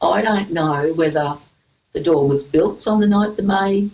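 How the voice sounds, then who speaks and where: Low-voiced woman, lo-fi audio. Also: unhurried, a little mellow. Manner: storytelling, laughs easily. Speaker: guest. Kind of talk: casual chat.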